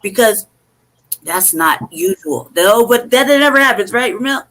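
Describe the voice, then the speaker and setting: A woman's voice: a little high, lively intonation, fairly bright tone, rough recording. A woman hosting an online show, telling a story in casual, emphatic and profane talk, with strings of rhetorical questions. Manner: asks rhetorical questions in rapid runs. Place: live online stream from home.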